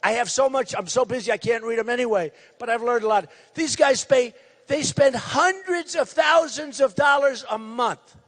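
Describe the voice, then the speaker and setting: A man in his sixties giving a campaign rally speech, loud and repetitive, hammering his points with emphasis. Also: extremely high pitch, normal speed, long reverb tail. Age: 60s. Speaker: political candidate.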